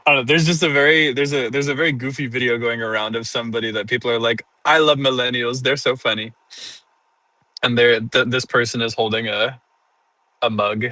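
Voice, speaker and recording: A young man chats loosely on a livestream, wandering from one thought to the next and laughing at himself. His voice is bright and forceful, close to the mic in a dry, dead room. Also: mid-range voice, little pitch movement, fast, no echo. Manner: rambling and self-amused, laughing often. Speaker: streamer. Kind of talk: casual livestream chat.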